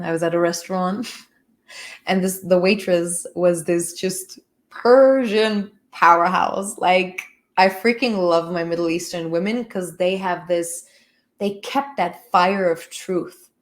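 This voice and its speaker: A woman's voice: on the low side, steady tone, slow pace. A woman talking candidly as a spiritual healing teacher. Her delivery is frank and emphatic, loose and conversational, with casual swearing mixed in. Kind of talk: candid personal talk.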